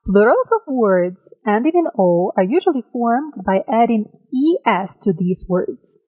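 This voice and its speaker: A woman teaching an English grammar lesson, drawing out each example word slowly and often checking in with a "right?". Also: on the high side, sing-song, warm tone, poor audio. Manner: slow, careful, drawn-out example words; checks in with listeners by asking "right?".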